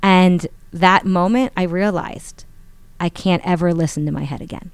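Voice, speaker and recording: A woman in her forties telling a personal story in a casual interview, animated and acting out the voices of others. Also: moderate pace, clear, resonant tone, no room sound. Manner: animated, acts out quotes with rising pitch. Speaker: guest.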